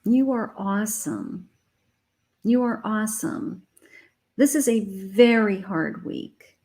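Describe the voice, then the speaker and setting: A woman's voice: mid-range voice, slow pace, darkish tone. A middle-aged woman, a psychic, giving a live tarot reading to her viewers in an emotional, uplifting way, with repeated affirmations.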